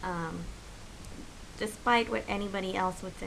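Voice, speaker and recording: A woman's voice: mid-range voice, moderate pace, a bit bright, a little hiss or hum, rough recording. A young woman chatting to camera as a beauty vlogger, heartfelt and encouraging, with lots of fillers. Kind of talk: casual chat to camera.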